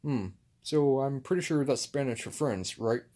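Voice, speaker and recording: A man voicing a calm, patient superhero, talking hesitantly with many fillers in home toy play-acting. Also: mid-range voice, normal speed, close to an everyday voice.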